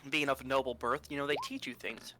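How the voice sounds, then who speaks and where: A man playing in a tabletop game on a livestream, joking and asking quick questions. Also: medium pitch, steady tone, sharp tone, slight background noise. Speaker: player. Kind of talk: casual tabletop game chat.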